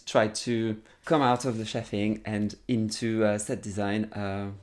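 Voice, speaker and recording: A man from France with a French accent, a guest in an interview, cheerful and laughing, with frequent hesitations. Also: lowish voice. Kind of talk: conversational interview.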